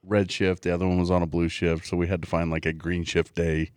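A man's voice: sits low, level tone, fairly quick, a little mellow, clear, resonant tone, no room sound, clean studio sound. A middle-aged man from Oklahoma chatting casually as co-host, joking and earnest by turns. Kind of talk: casual chat.

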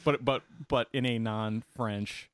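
A man's voice: mid-range voice, fairly even intonation, a crowd in the background. A man co-hosting a podcast, reading out odd news stories in casual chat and teasing his co-hosts. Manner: jokey, reads news items with pauses. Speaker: podcast co-host.

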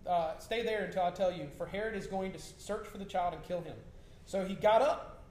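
A man's voice: high-pitched, fast, darkish tone. A man preaching a sermon in a conversational way, repeating himself and asking the congregation questions. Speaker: pastor. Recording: echoey room with faint noise.

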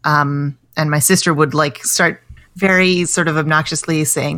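Chatty low-voiced American woman comedian. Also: fairly even intonation, normal speed, fairly bright tone, dry recording. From United States. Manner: chatty, self-deprecating, many restarts and fillers. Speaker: comedian guest. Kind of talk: casual podcast chat.

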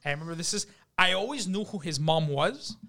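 A young man hosting a podcast, telling stories in a casual, animated and profane way and acting out other people's voices. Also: sits high, a little fast, gravelly. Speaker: podcast host. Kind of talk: casual storytelling chat.

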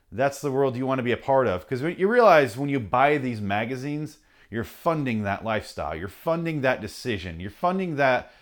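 Angry swearing man ranting sarcastically. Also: mid-range voice. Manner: mocking put-on voices in quotes. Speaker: podcast host reading his rants. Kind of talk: profane comic rant.

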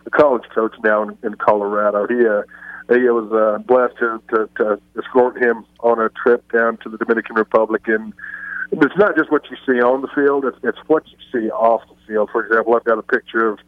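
A man's voice: medium pitch, steady tone, brisk, dry recording. A man, a baseball scout and guest, telling stories in a radio interview with lots of fillers and restarts, heard over a phone line. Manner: storytelling, frequent fillers and restarts. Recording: dry, phone-line sound.

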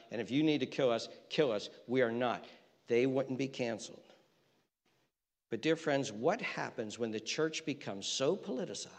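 A man preaching a sermon as pastor, impassioned, repeating phrases and swinging between loud peaks and hushed lines. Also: medium pitch, big-room sound.

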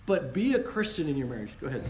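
High-voiced man preaching on marriage, echoey. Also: rapid-fire, slight background noise. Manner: earnest and animated, joking, with repeated restarts. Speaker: co-host, married couple ministry. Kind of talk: casual Christian talk on marriage.

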